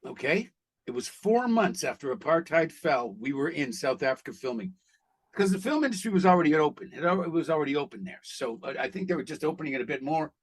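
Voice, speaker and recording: Animated, blunt male actor telling stories. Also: fairly high pitch, fast, slightly rough. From Canada. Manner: animated storyteller, blunt and profane. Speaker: actor guest. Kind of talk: casual interview chat.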